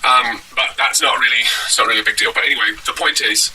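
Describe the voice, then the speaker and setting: A man delivering a deadpan satirical monologue at home, rambling and halting with many fillers. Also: mid-range voice, far from the mic, slight background noise, poor audio. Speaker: comedic vlogger in character.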